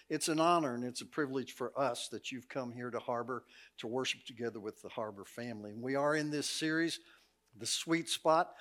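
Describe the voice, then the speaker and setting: A man's voice: fairly high pitch, a bit bright. A middle-aged man, preaching as a guest speaker in a church, telling folksy stories with a joking, laughing manner. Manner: folksy, jokey storyteller, laughs often. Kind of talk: sermon with storytelling. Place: church sanctuary.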